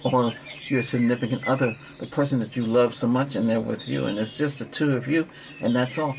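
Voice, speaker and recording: A man who practices Reiki, giving a rambling relaxation talk with breathing guidance, repeating himself and coaching gently. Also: mid-range voice, fairly even intonation, fairly quick, gravelly, slight background noise.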